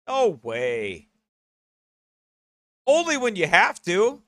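A man teasing a friend in casual, joking banter, playful and animated. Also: high-pitched, unhurried, no room sound, clean studio sound.

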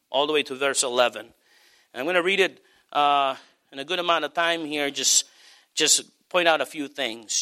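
A man preaching a sermon as pastor, passionate, swelling to high cries and then dropping low. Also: pushed and bright.

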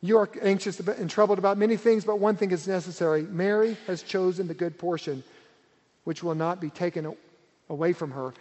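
High-voiced preacher in a reverberant hall. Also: male voice, a little fast, a little mellow. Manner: earnest, emphatic preaching with repetitions. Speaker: pastor. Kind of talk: sermon.

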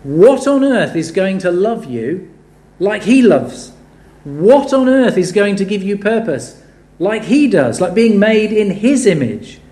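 Guy preaching, slow and lively, voice swoops up on questions, echoey hall. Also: high-pitched. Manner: animated, rising to emphatic questions. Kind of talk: sermon. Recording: echoey room.

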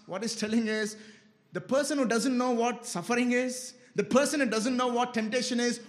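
A man speaking at normal speed gives a deeply passionate sermon. Loud, high exclamations give way to low, quiet asides, and he often tells his listeners to listen carefully.

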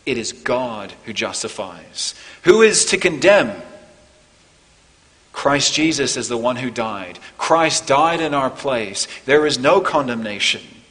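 A man preaching a sermon as pastor, earnest, building to emphatic peaks and then softening. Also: mid-range voice, a little slow, hardly any pauses, long reverb tail, low-quality recording. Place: church.

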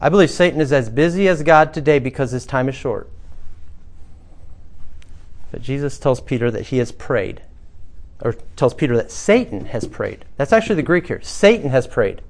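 A man's voice: medium pitch, lively intonation, moderate pace, pauses often. A man, the pastor, preaching a conversational sermon to his church congregation, building to emphatic passages. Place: small church, former bank building.

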